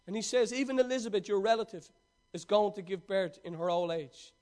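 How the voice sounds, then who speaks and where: A man preaching a sermon, reading scripture aloud and then retelling it with swings between loud emphasis and quiet asides. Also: high voice, fairly quick.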